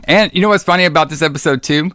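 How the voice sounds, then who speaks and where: Rambling, excited podcast co-host man. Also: on the high side, racing, no room sound, studio quality. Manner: rambling, lots of fillers and tag questions; enthusiastic about old wrestling shows. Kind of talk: casual podcast chat.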